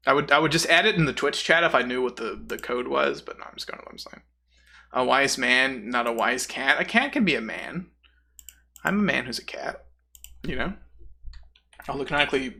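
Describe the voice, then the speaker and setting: Goofy bright-voiced male streamer. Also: mid-range voice, gravelly. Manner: rambling, goofy, full of internet slang. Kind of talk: casual live-stream chat.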